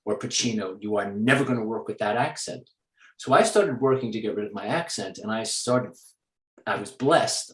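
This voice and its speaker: Man speaking in an echoey room. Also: mid-range voice. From New York. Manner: explanatory, breaks into accent demonstrations. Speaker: actor being interviewed. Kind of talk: interview conversation. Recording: roomy echo.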